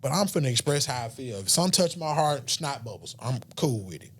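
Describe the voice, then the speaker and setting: A man's voice: medium pitch, sing-song, fairly quick, fairly bright tone, husky. A man who is a podcast guest telling a personal story in an earnest, emotional way, sometimes dropping to a near-whisper. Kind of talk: personal storytelling in a casual chat.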